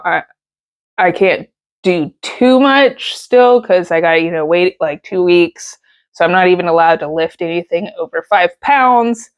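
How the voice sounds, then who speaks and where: A woman, telling a personal story in a casual vlog, emotional and rambling with many fillers and restarts. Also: on the low side. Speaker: vlogger.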